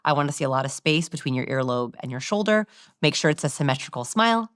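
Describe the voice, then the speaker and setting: A woman in an interview, explaining body language in an animated, demonstrative way. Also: deep voice, quick pace, clean tone, dry recording, studio quality. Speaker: guest expert on body language.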